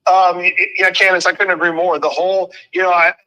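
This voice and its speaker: A man in his fifties, a retired police officer, talking earnestly on a video call, halting and restarting his sentences often. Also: high-pitched, flat delivery, sharp tone, lo-fi sound. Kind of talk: casual talk show conversation.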